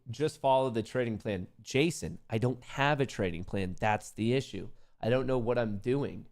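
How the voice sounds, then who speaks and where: A man's voice: fairly low pitch, creaky, a little mellow. A man hosting a live trading stream, chatting casually to viewers and muttering anxious repeated questions to himself, sometimes dropping to a near whisper. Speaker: livestream host trading stocks.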